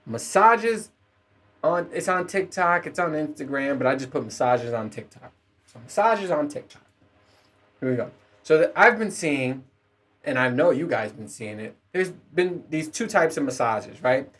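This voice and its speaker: A man's voice: a little high, expressive, normal speed, a bit bright. A man hosting his own podcast, ranting casually with a lot of swearing and rambling asides. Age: adult parent. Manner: profane, rambling, frequent laughs. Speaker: podcast host. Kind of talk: casual solo podcast rant.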